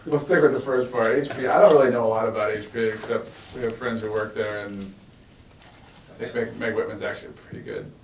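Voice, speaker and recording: A middle-aged man, a former tech executive, telling stories in an animated way and laughing as he recounts them in a Q&A. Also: mid-range voice, brisk. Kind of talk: relaxed storytelling in a Q&A. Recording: roomy and from far off with faint noise.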